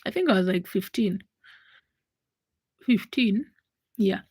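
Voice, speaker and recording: A woman in her twenties, hosting a livestream and telling a personal story in a casual, animated way, acting out the voices of the people in it. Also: mid-range voice, slow, husky, no echo. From Uganda. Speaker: livestream host.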